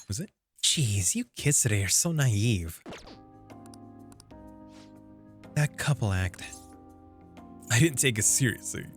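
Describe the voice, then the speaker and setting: A man's voice: lowish voice, animated, a little slow, faint music behind. A man voicing a jaded, hard-drinking woman reporter who talks in a dry, world-weary, teasing way.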